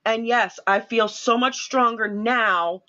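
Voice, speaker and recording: A woman host chats on a live stream, her voice bright and sharp and her delivery animated as she acts out the people in her stories. The sound is dull and lo-fi, like compressed stream audio. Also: a little high, takes it slowly. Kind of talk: casual live-stream chat.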